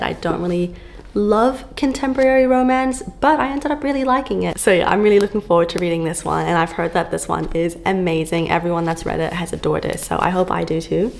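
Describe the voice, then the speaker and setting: A woman's voice: fairly low pitch, gravelly, a little hiss or hum. A woman book vlogger chatting casually to camera, gushing and full of fillers, filmed at home on a camera on a stand.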